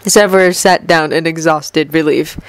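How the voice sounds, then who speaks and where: A woman reading a fanfiction story aloud in steady, earnest storytelling. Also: deep voice, moderate pace, no echo, poor audio. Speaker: fanfiction reader.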